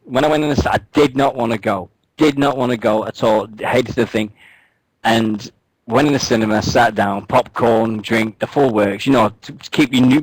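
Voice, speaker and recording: A man co-hosts a radio show in loose, joking banter. He swears freely and rambles through anecdotes at a mid-range pitch. The sound is dry and close. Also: slightly rough, no room sound, rough recording.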